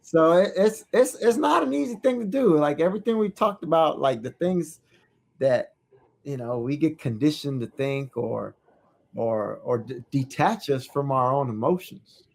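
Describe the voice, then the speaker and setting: A man's voice: on the high side, moderate pace, gravelly, darkish tone. A man, a parent, co-hosting a podcast in casual conversation, talking thoughtfully and often restarting his sentences. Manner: thoughtful, searching, with frequent restarts. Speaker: podcast co-host.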